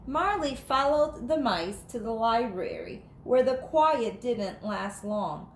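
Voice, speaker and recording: A woman teacher reading a children's storybook aloud in an animated, playful way. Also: fairly high pitch, slow, raised voice, heavy background noise. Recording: echoey room.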